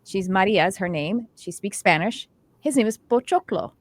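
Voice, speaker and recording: A middle-aged woman hosting a casual chat, telling animated stories full of quoted dialogue. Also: medium pitch, moderate pace, no echo. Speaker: host, intuitive development teacher.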